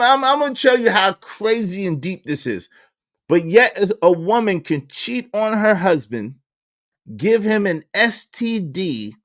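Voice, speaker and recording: Exasperated high-voiced man ranting. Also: a bit bright. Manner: exasperated, mocks critics in put-on voices; repeats phrases for emphasis, laughs between lines. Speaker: commentary channel host. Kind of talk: ranting commentary to a live chat.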